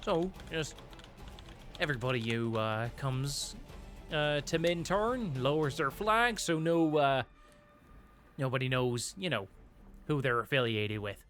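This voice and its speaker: A man's voice: mid-range voice, unhurried, long pauses, fairly bright tone, soft background music, close to an everyday voice. A man voicing a chatty dockhand on a neutral island harbor, folksy and rambling. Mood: friendly.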